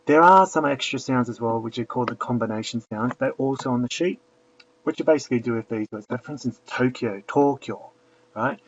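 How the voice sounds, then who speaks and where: A man leads a classroom lesson in a mid-pitched, slightly husky voice. He explains patiently and repeats drills aloud. The recording sounds dull and lo-fi. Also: fast. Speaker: language teacher.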